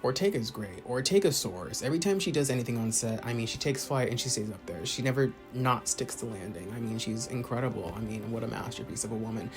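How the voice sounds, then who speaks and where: A young man ranting through a casual pop-culture commentary, theatrical and profane, swinging between muttering asides and loud outbursts. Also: medium pitch, expressive, fast talker, hardly any pauses, over music. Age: young adult. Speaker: commentary vlogger.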